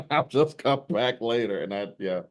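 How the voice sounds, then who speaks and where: A man chatting casually with a low-key, self-deprecating manner. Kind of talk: casual chat.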